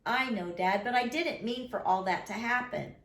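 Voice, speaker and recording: A woman's voice: a little high, moderate pace, fairly bright tone, pitched above the performer's own voice. A woman reading aloud, voicing a tired middle-aged father who lectures his son seriously. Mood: stern. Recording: roomy echo.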